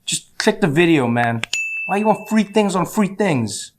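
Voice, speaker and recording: A man's voice: high voice, sing-song, unhurried, background noise. A man giving a joking, mock-scolding outro for a video. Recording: voice over background music.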